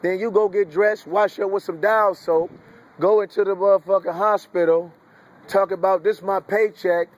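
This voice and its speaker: A man's voice: high voice, fairly even intonation, moderate pace. A man from the United States delivering a wandering, preachy, profane monologue. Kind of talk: rambling monologue.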